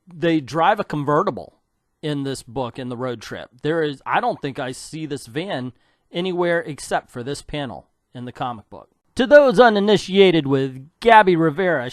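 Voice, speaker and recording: A man's voice: fairly high pitch, no room sound, clean studio sound. A man reviewing comic books in a sarcastic, scornful rant.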